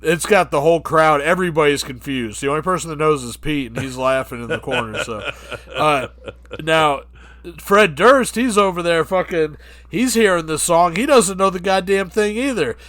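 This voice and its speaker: A man co-hosting a podcast, spinning a rambling, profane comic tale. His voice is bright and forward and sits a little high, and the recording sounds dry and close. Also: moderate pace, no room sound. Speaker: podcast co-host. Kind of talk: comedic storytelling.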